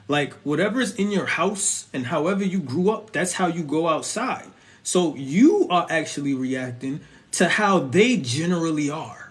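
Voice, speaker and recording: A young man giving a casual, slangy preaching monologue on faith and relationships, often asking listeners if they feel him. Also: on the high side. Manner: animated, conversational, slangy, keeps asking "you feel me". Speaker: Christian vlogger.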